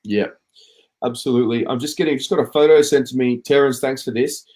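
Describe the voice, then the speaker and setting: Man, casual footy talk host, reads viewer comments, mid pitch. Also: brisk, darkish tone. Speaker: podcast host reading comments.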